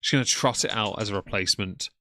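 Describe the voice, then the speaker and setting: A man's voice: lowish voice, fast talker, sharp tone, no echo. A man doing live reaction commentary on a stream, talking in a sarcastic, mocking way.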